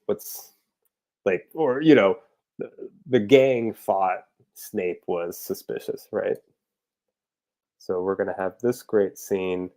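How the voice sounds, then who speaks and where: Speaking to the camera in a fairly low, dark-toned voice, a man rambles casually about ideas for parody episodes. His talk is loose and full of fillers, and he chuckles at his own jokes.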